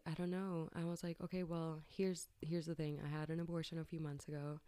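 A young woman with a low voice tells a personal story in casual chat, candid and swearing often. Her laughter comes easily. The sound is close and dry, with no room around it. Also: warm tone, dry recording.

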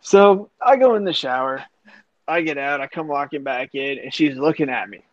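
A man's voice: on the high side, normal speed, dry recording. A young man hosting a podcast, telling a long personal story in a rambling, profane way, full of "like" and other fillers. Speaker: podcast host. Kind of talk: casual storytelling chat. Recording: dull lo-fi sound, dry.

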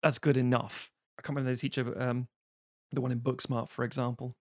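A man co-hosting a casual film discussion, animated, swearing freely and laughing often. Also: mid-range voice, fast, no room sound, clean studio sound.

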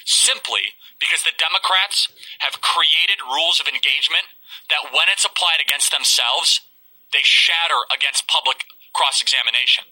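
A man giving political commentary, delivering emphatic, rhetorical lines in a steady stream. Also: on the high side, moderate pace, poor audio.

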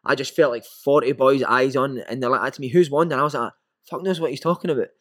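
Scottish guy rattling off a story, animated, swears a lot, dry mic. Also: mid-range voice, fast, dry recording. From Scotland. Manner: animated storyteller, swears freely, acts out quotes. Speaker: former footballer guest. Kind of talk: casual anecdote telling.

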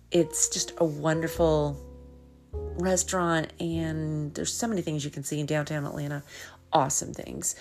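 A woman's voice: low-pitched, a little mellow. A middle-aged woman, hosting a podcast and telling rambling stories with frequent laughs. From American South. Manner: chatty, rambling, laughs often. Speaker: podcast host. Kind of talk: casual storytelling monologue.

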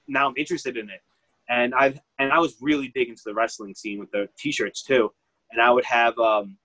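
A man's voice: medium pitch, fairly bright tone, no room sound, rough recording. Chatty man. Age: 30s. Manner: rambling, heavy use of "like", acts out quotes. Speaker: vintage clothing store owner. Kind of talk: casual interview storytelling.

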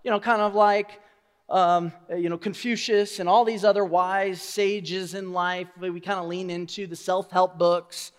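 Man, pastor, sermon, very high pitch, quiet asides then emphatic declarations. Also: flat delivery, unhurried, smooth, in a large hall.

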